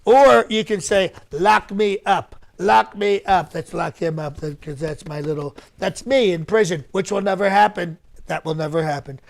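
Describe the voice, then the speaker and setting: A man's voice: high-pitched, moderate pace, vocal fry, few pauses. A male comedian impersonating a boastful, rambling older male politician at a mock press conference, repeating himself and bragging. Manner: bragging, repetitive, rambling asides. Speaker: comedian doing an impression.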